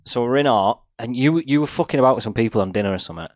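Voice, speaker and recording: A man's voice: medium pitch, very fast, a little mellow, dry recording, clean studio sound. A young man, a podcast co-host telling school stories in casual chat and laughing often.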